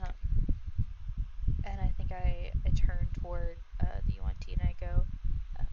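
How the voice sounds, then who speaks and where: A woman's voice: on the low side, completely flat delivery, unhurried, vocal fry, pauses often. A woman playing her character in a tabletop game, talking hesitantly with many ums. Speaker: player. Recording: distant, muffled, very noisy mic.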